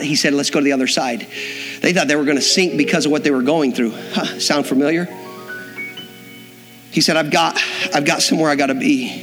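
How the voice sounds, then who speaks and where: A man's voice: medium pitch, a bit bright. A man preaching a sermon, building in intensity and acting out the voices he quotes. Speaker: pastor. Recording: long reverb in a hall, faint music behind.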